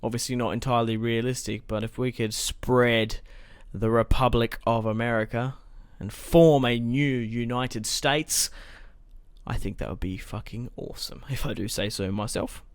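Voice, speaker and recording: A man's voice: mid-range voice, fairly even intonation, normal speed, clear, resonant tone, dry recording, studio quality. A young man giving casual, rambling let's-play commentary as he plays, thinking aloud and swearing now and then. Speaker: gaming let's-play host.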